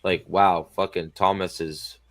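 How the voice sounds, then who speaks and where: A man in casual book-discussion chat, profane and animated, acting out scenes as he retells them. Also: low voice, unhurried, dry recording. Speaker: podcast host.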